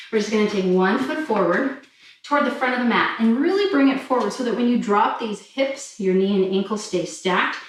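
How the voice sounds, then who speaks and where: A woman fitness instructor calmly talking listeners through a stretching cool-down while doing it herself. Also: mid-range voice, a little hiss or hum. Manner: calm, encouraging cues while demonstrating stretches. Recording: very echoey room, mic far off.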